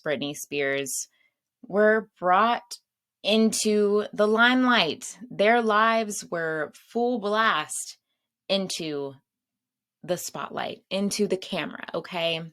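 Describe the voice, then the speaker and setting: A woman's voice: on the low side, slow pace, fairly bright tone. A woman hosting her own show, chatting casually and laughing at her own asides. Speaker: podcast host. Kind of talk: casual solo chat.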